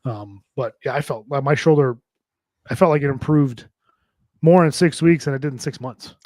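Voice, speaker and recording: A man's voice: medium pitch, normal speed, darkish tone, no echo, clean studio sound. A man on a podcast telling a rambling travel story, swearing often and acting out what people said. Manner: rambling storyteller, swears a lot, acts out quotes. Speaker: podcast co-host. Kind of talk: casual podcast chat.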